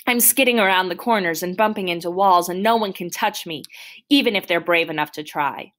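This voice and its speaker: A woman reading a novel aloud in first person with a steady, plain storytelling manner. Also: lowish voice, fairly quick. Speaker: audiobook reader.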